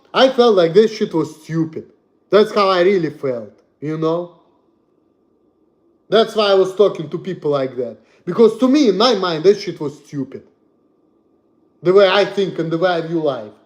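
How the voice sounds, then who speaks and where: Russian-accented young guy ranting on his stream, swears a lot, voice a bit higher than most men. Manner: blunt and profane, repeats himself, swings loud and soft. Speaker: livestreamer. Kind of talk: casual rant to stream.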